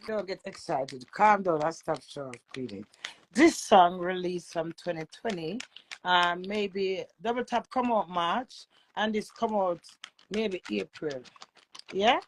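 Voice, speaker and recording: A woman's voice: medium pitch, animated, measured pace, fairly bright tone, slight background noise. A woman with a Jamaican accent chatting casually on a livestream, playful and boastful in patois. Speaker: livestream host.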